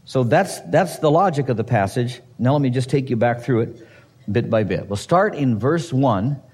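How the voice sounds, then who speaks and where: A man's voice: medium pitch, animated, moderate pace, darkish tone. A man preaching a sermon as pastor, teaching a passage verse by verse with emphatic asides and touches of humor. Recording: husky voice in a hall with long reverb.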